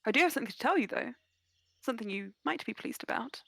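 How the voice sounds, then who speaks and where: A woman's voice: on the high side, lively intonation, fast talker, vocal fry, fairly bright tone, slightly rough, dry recording, heavily acted. A woman voicing a confident fey woman in a tabletop game, plain and firm.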